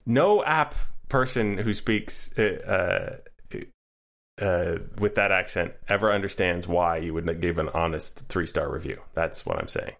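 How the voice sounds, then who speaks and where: A man with a fairly low-pitched voice co-hosts a casual sports podcast. He talks in a wry, joking way, drifting into rambling asides before getting back to the point. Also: animated, unhurried, creaky, a bit bright. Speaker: podcast co-host.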